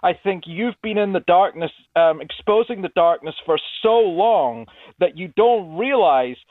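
A man's voice: sits high, lively intonation, no echo. Earnest male caller on a tinny phone line. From Scotland. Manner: polite, earnest, measured. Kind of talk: radio call-in.

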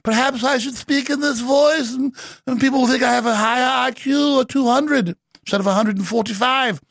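A man putting on a gravelly, high, posh English gentleman voice. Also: moderate pace, no echo, exaggerated voice. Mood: haughty. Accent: English (put on).

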